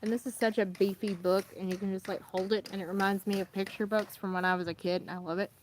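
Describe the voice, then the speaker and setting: A young woman rambling her way through an unboxing vlog, chatty and easygoing, her voice sitting at an ordinary middle pitch. She often lets her sentences fade to a near mumble. Faint noise hums under the recording. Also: little pitch movement, quick pace. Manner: rambling, chatty, trails off quietly. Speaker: vlogger. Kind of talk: casual unboxing chat.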